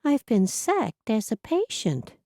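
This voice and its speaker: A woman's voice: fairly high pitch, wildly swooping pitch, slow, mellow, dry recording, studio quality, voice pushed up, heavily acted. A woman voicing an elderly Amish widow, talking in an earnest, plaintive way. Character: elderly Amish widow, flustered but stubborn.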